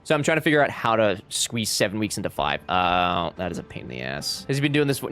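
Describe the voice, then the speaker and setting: Animated young man streaming a game. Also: fairly low pitch, fairly quick, hardly any pauses, faint music behind. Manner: swearing, joking, reads game dialogue aloud in silly accents. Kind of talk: casual gameplay commentary.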